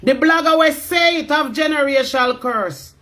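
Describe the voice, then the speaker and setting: A middle-aged woman with a Jamaican accent rants on a livestream, angry and often shouting as she repeats her points. Her voice is high, with a bright, piercing edge. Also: moderate pace. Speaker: livestream talker. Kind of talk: heated livestream rant.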